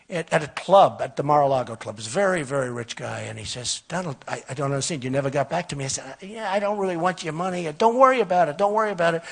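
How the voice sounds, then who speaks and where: A man's voice: a little high, gravelly, a bit bright. An older man giving a rambling, repetitive campaign rally speech from a podium microphone, boasting in a conversational way. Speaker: political candidate. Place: outdoor or hall rally.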